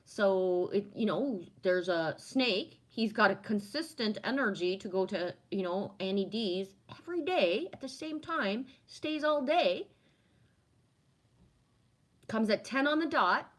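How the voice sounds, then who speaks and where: In a mid-range, animated voice, unhurried, a woman answers her livestream chat one comment at a time, reading each aloud. She's warm and reflective, affirming her viewers as she talks through spiritual ideas and checks in often with "right?"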